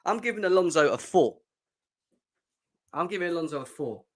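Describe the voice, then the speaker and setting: A man's voice: fairly high pitch, expressive, moderate pace. A young man hosting a fan livestream, chatting sarcastically and reacting to comments from the chat. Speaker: fan show host.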